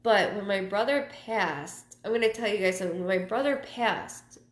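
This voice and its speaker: A woman psychic medium hosting her live show, chatting casually and telling personal stories in a halting way, often repeating words. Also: mid-range voice. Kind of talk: casual livestream talk. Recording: roomy echo.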